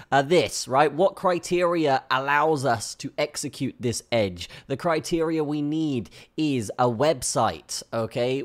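A tired man hosting a casual crypto chart walkthrough, ending his points with "okay?" and "all right?" and repeating his own phrases. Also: medium pitch. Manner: keeps tagging lines with "okay?" and "all right?". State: tired from a long day. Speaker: crypto trading channel host. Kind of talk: casual screen-recorded chart analysis.

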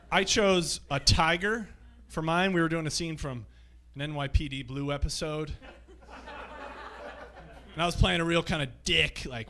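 Guy doing stand-up, kinda high and bright voice, swears a lot, rambling stories on stage. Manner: loose, profane anecdotal storytelling. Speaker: stand-up comedian. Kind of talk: stand-up set. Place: comedy theatre stage before a live audience.

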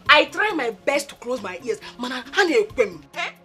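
An actress with a Nigerian accent playing a woman who is annoyed at gossip, animated and expressive. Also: high-pitched, normal speed, exaggerated voice. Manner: animated, vents with laughs. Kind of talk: Nollywood film acting. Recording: music playing under the dialogue.

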